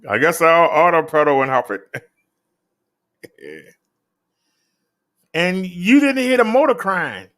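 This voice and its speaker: Man, live-stream host, casual chat, laid-back, slightly high voice. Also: animated, slow, pauses often, a bit bright. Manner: laid-back, chatty, talks straight to viewers.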